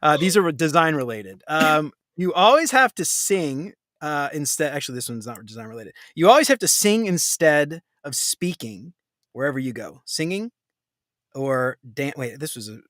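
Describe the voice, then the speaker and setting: A man hosting a casual live Q&A, joking and laughing often as he runs through quick questions. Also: on the high side, big pitch swings, fairly bright tone, no echo, studio quality. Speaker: host.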